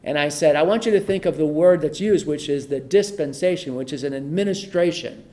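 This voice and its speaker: Speaking fairly quickly in a slightly high, darkish voice, a middle-aged pastor leads a casual Bible study. He reads from scripture and explains it conversationally, repeating phrases often.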